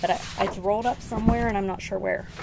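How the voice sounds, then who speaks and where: A woman's voice: medium pitch, steady tone, fast talker, gravelly, noisy background. A middle-aged woman hosting a casual vlog, showing old artwork, rambling and correcting herself, short of breath. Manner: rambling, self-correcting, unsure recollections. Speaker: art channel host. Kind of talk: casual show-and-tell vlog.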